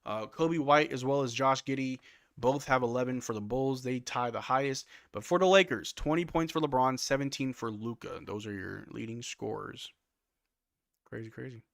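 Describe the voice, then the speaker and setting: Relaxed man calling a game live. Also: medium pitch, normal speed, creaky, dry recording, clean studio sound. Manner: relaxed, reads stats and replies to chat. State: yawning, sleepy. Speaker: live stream watch-along host. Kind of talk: casual play-by-play commentary with chat.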